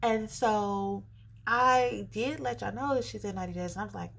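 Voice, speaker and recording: A woman vlogger telling a casual, animated story to her viewers, acting out both sides of her phone calls. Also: medium pitch, normal speed, creaky, slight background noise. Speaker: personal finance vlogger.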